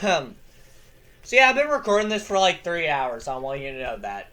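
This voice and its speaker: Hoarse young lore channel host. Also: mid-range voice, moderate pace. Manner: excitable, swears freely. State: hoarse from yelling. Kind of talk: casual commentary.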